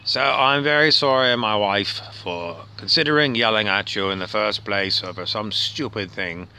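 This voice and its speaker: In a lowish, smooth voice that's pushed and bright, delivered at a moderate pace, a comedian plays a musing, grumpy outback husband of middle age. The monologue rambles as the character argues with himself about his complaints and occasionally sinks into a whispered mutter.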